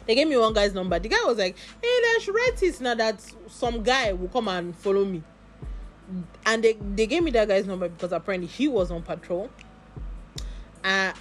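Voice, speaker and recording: Animated Nigerian woman telling a story. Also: mid-range voice, a little fast, a little hiss or hum. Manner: animated, full of asides and re-enacted dialogue. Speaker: vlogger. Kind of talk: casual storytime monologue.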